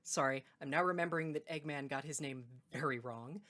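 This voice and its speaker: A woman's voice: low-pitched, fairly quick, a bit bright. A woman hosting a card game video, talking in a loose, rambling way and correcting herself mid-sentence. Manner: rambling, self-correcting, laughs between points. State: hiccuping. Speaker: card game video host and tournament judge. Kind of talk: casual unscripted video intro.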